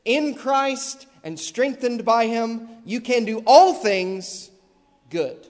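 A male preacher delivering a sermon with heavy, repeated emphasis that builds to loud stressed peaks, in a large church hall. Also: extremely high pitch, lively intonation, slow. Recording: long echoey hall reverb.

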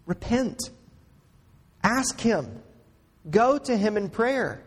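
A man preaching a sermon as a pastor, slow and earnest, pressing each point with emphatic rises. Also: sits high, sing-song, slightly rough. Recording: long hall reverb.

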